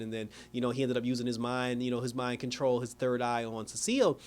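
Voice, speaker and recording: A man's voice: medium pitch, fairly even intonation, fast talker, few pauses, slight background noise. A man reviewing a TV episode in a casual recap. He rambles, fills his talk with "you know" and "like", and laughs often.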